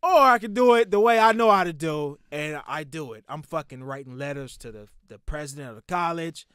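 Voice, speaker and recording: A man in his thirties tells a story on a podcast, his voice pitched a little high and recorded dry and close. He talks with heat and swears freely, building the tale with animated energy. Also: brisk, clean tone, dry recording. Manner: profane, animated, heated storytelling. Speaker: podcast host telling a story. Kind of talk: casual storytelling.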